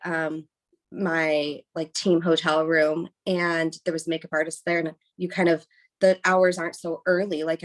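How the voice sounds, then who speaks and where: A young woman, a bikini competitor, chatting as a podcast guest and rambling through a story with many fillers. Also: on the low side. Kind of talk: casual interview storytelling.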